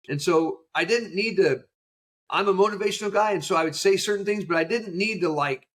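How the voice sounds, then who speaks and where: A man's voice: high voice, fairly bright tone. A middle-aged man, a youth baseball coach, telling stories in a podcast interview with emotion and fire, acting out what he said to his players. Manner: emotional, fired-up storytelling with acted quotes.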